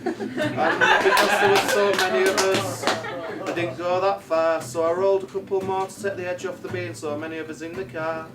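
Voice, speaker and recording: A young Yorkshire man from Bradford doing live stand-up, rambling and deadpan with crude jokes. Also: sits high, normal speed, over a noisy crowd, heavy background noise. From Bradford, England. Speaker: stand-up comedian and musician. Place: large club hall. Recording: live gig from a distant mic with music.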